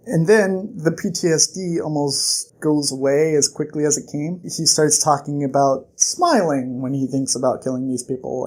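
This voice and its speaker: A vlogger casually recapping chapters of a book, chatty and animated, with quick acted asides. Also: mid-range voice.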